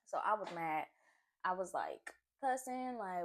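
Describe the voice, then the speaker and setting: A young woman chatting through a personal story while eating, animated and full of asides and fillers. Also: on the low side, unhurried. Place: at home, eating a seafood boil.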